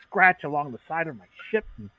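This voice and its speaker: A man voicing a young, wiry male mechanic who complains indignantly and fast. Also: fairly high pitch, expressive, creaky, no room sound, pitched above the performer's own voice. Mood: irritated. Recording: dull dry lo-fi mic.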